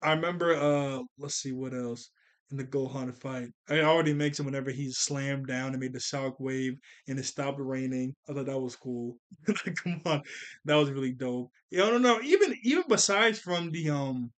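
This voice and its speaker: A man's voice: mid-range voice, moderate pace. A man reviewing an anime movie in a casual, rambling chat, with a lot of slang and frequent laughter.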